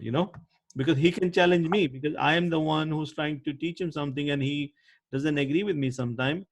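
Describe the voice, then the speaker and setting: Male teacher, slightly high voice, patient, checks in with students often. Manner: explains patiently, checks understanding with "right?". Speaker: Arabic grammar teacher. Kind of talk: online class teaching.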